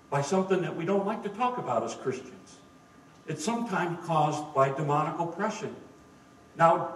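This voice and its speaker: A man's voice: a little high, a little hiss or hum. Folksy male pastor in an echoey church. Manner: folksy storytelling with jokes. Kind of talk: sermon. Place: church sanctuary. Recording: echoey room, mic at a distance.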